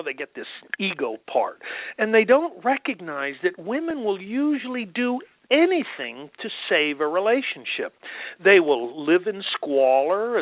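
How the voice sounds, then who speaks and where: Animated man over a tinny phone line. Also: sits high, no room sound. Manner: animated storyteller, acts out quoted voices. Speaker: doctor and podcast guest. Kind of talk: conversational interview answers. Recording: phone-like dry remote line.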